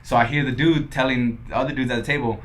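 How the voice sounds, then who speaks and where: A man's voice: mid-range voice, fairly even intonation, fast talker, slight background noise. A young man from Los Angeles, a podcast guest who tells his story casually, swearing often and acting out what others said. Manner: laid-back, swears a lot, quotes others in dialogue.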